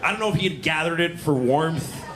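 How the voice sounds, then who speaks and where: Stand-up comic from New York, laughing club crowd. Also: male voice, a little fast. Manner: deadpan storytelling, bursts of high mimicry. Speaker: stand-up comedian. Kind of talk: stand-up routine. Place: comedy club stage before a laughing crowd. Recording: live club recording, crowd noise.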